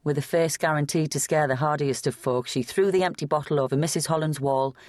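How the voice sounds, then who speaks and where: An audiobook narrator reading a gritty novel in a steady, matter-of-fact storytelling manner on a close studio mic. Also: mid-range voice, fairly quick, no room sound. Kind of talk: scripted narration.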